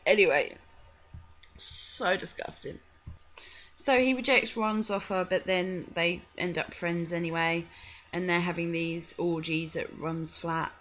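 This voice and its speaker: Woman, casual video commentary, slow and lowish, dull lo-fi recording. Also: fairly even intonation, a bit bright. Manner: frank, chatty, disgusted asides. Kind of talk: casual spoken commentary on film clips.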